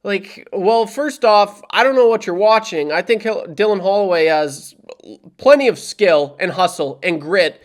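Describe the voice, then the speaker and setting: A man's voice: sits high, a little slow. A young man from Canada, a hockey vlogger and radio producer, ranting casually to camera with frustration and lots of repetition. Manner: animated, repeats himself, frustrated. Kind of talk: casual heated rant to camera.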